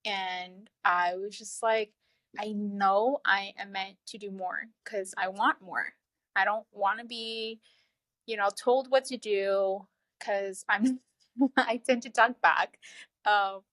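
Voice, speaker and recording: A woman, telling her own story in a casual, animated way and laughing often. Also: measured pace, no room sound. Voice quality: low, flat-sounding voice she calls sad over the phone.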